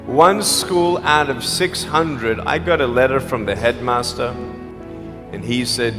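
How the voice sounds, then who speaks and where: A man's voice: mid-range voice, measured pace, in a large hall, over music. A man giving an emotional motivational speech to students, telling stories and acting out dialogue. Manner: emotional, pleading, animated storytelling with acted-out dialogue. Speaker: motivational speaker. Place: school hall or auditorium.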